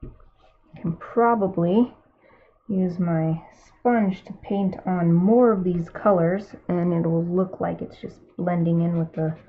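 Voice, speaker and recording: A woman talks her way through a painting on a live stream, musing aloud in an unhurried way and often trailing off between thoughts. Her voice sits a little low for a woman. It comes through a thin, tinny, phone-like recording. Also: fairly even intonation. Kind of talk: casual thinking aloud while painting.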